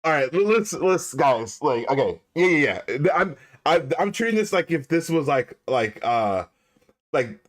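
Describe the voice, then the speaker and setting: A man in his thirties chatting casually on a live stream, excitable and laughing, rambling with many restarts. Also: a little high, measured pace.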